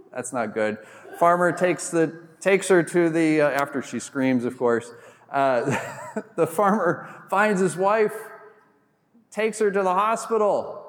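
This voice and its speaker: Male pastor preaching in an echoing church. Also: a little high. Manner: conversational, animated storyteller with fillers. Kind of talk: sermon with scripture reading and storytelling. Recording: reverberant church sanctuary.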